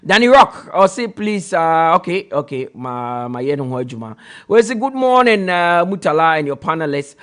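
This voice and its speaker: A Ghanaian radio sports host with a fairly high voice reads listener messages on air. He goes through the texts briskly, one after another. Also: big pitch swings, fairly bright tone, clean tone.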